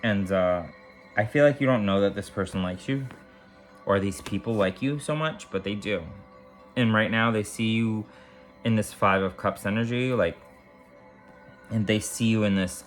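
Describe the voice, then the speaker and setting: A man giving a casual tarot reading to camera, rambling and repetitive with warm, affirming lists of praise. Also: fairly low pitch, normal speed, long pauses, faint music behind. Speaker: tarot reader.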